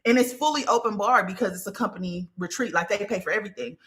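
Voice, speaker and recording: A woman in her thirties talks through a personal story in a loose, casual monologue. Her voice is bright and forward, and she swears freely and builds up animated tellings. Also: mid-range voice, fast. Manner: candid, profane, animated storytelling. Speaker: podcast host.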